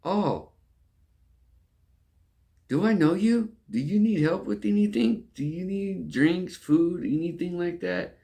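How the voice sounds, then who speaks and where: Male performer doing a playful waiter, mock-polite, raised sing-song pitch. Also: slow, gravelly, long pauses, dark tone, heavily acted.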